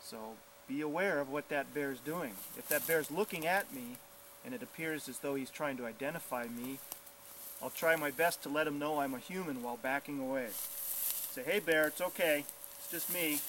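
Calm, bright-voiced man explaining outdoors. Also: medium pitch, normal speed, a little hiss or hum, low-quality recording. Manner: calm, clear, instructive. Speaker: park bear biologist. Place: outdoors on a forest trail.

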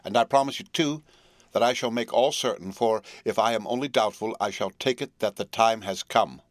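A man reading the part of a rough, honest frontiersman, swearing an oath solemnly and earnestly. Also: on the low side, moderate pace, no room sound, studio quality, lightly acted. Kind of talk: audiobook character reading.

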